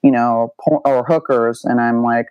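A woman's voice: extremely low pitch, fairly even intonation, a little slow, darkish tone, clear, resonant tone, no echo, dull audio. A middle-aged woman from the United States, speaking candidly as a memoir author in an interview, blunt and self-mocking, swearing freely.

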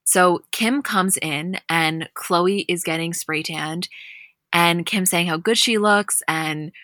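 Chatty young woman recapping, bright and dry. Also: lowish voice, takes it slowly, no room sound. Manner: chatty, animated storytelling with quoted asides. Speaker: podcast co-host recapping a reality show. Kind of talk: casual chat recap.

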